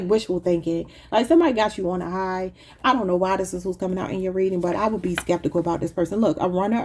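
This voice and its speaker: A woman reads tarot cards in a loose, chatty way, talking straight to her viewers and breaking into laughter at her own words. Her voice is mellow and a little husky. She keeps the tone easy and conversational throughout. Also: mid-range voice. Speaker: tarot reader. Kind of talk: casual tarot reading to camera.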